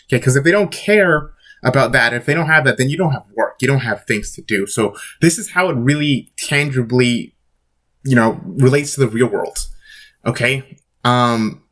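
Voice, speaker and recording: A man's voice: medium pitch, moderate pace, fairly bright tone. A man giving a casual monologue to camera in a blunt, swearing, emphatic way, rambling and asking rhetorical questions. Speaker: vlogger.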